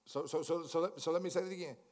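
A man preaching a sermon, repeating words in stammering restarts, asking the congregation questions and swinging from hushed lines to shouted climaxes. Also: a little high, very fast. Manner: repetitive stammering restarts, call-and-response questions. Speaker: pastor.

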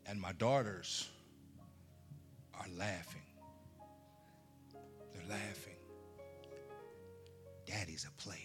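This deep-voiced preacher talks extremely slowly and pauses often, with music playing underneath. In his sermon for a live audience, he tells funny family stories with animation, performing the different voices and putting questions to the listeners.

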